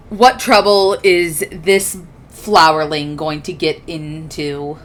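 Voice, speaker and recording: A woman runs a tabletop game session, narrating the scene in a relaxed, chatty way. She laughs easily and fills her pauses with ums as she goes. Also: sits low. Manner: casual, giggly narration with fillers. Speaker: game master.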